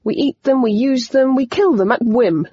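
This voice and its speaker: A coldly matter-of-fact author, played by a woman, deadpan and unapologetic as a radio guest. Her voice is husky and dry, heard close in a muffled studio sound. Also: a little high, moderate pace, dry recording.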